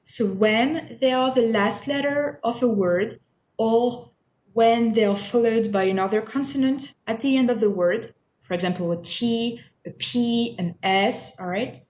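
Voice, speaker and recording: A woman's voice: fairly high pitch, a little slow, darkish tone. A woman teaching pronunciation in a recorded lesson, patient and repetitive, often checking in with the listener. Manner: patient, repeats sounds and checks in with "all right?". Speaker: French teacher. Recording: echoey room.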